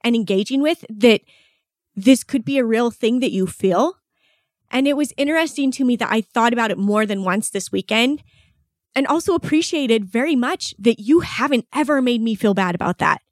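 Chatty woman podcaster, kinda high voice, dry close mic, says like a lot. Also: lively intonation, moderate pace, no echo. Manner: chatty, laughs often, uses "like" a lot. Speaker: podcast co-host. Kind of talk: casual chat.

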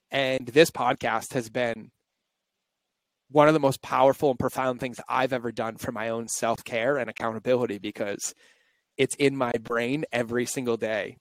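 A man's voice: medium pitch, moderate pace, no echo, poor audio. A male podcast host talking openly and reflectively in a candid conversation, his voice shaky and close to tears. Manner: open, reflective, confessional.

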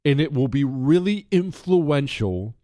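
Lively, emphatic talk radio host. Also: male voice, medium pitch, a little slow, dry recording, studio quality. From Texas. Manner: conversational, emphatic, lively rhetorical questions.

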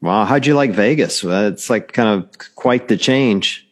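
A middle-aged man hosting a podcast, chatting in a relaxed, storytelling way. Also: on the low side, measured pace. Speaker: podcast host. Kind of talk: casual podcast chat.

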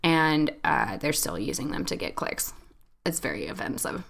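A woman in her thirties, a podcast host, telling a long story in a chatty, animated way, full of "like" fillers. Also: low-pitched, normal speed, gravelly. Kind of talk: casual storytelling chat.

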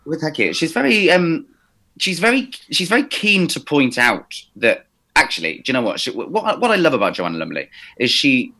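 A man's voice: fairly high pitch, normal speed. A man from Somerset with a slightly posh West Country accent, chatting animatedly as a podcast co-host. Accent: slightly posh West Country English. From Somerset, England. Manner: chatty, restarts often, animated. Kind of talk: casual chat.

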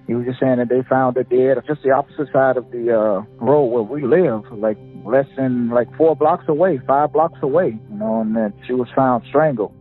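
A man recounting a painful family memory in a halting, emotional way, with many pauses and fillers. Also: mid-range voice, soft background music. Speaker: brother of victim, interviewee. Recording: tinny phone-like audio.

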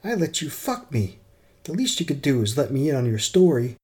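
A man voicing a young woman intern who is eager and quick-tempered, talking in a raised, pushy voice. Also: medium pitch, expressive, darkish tone, pitched above the performer's own voice, close to an everyday voice.

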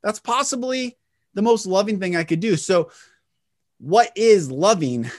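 Middle-aged guy, kinda high voice, earnest spiritual pep talk, big swings loud to soft. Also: expressive, a little slow. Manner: earnest, emphatic, with dramatic swings in pitch and volume. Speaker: podcast host and speaker.

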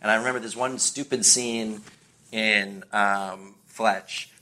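Man, middle-aged, from the US, low voice, rambling casual storyteller. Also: steady tone, slow, sharp tone. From United States. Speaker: guest. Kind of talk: casual podcast chat.

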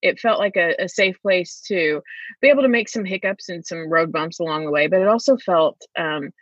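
A woman, a former student, talking in a casual interview, reflective and quick to laugh as she tells stories. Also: fairly low pitch, a bit bright, dry recording. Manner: reflective, laughs often while telling stories. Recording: dull lo-fi sound.

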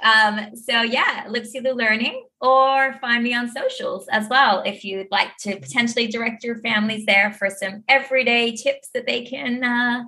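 A woman's voice: on the high side, fairly even intonation, moderate pace, hardly any pauses, bright, forceful tone. A woman with an Australian accent, a podcast guest in casual interview chat who laughs often between phrases.

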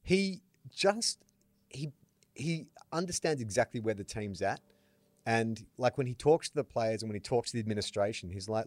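An Australian man co-hosting a sports podcast in casual chat, telling animated stories and acting out quotes. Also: medium pitch, moderate pace, no echo. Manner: animated storyteller, acts out quotes loudly. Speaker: podcast co-host.

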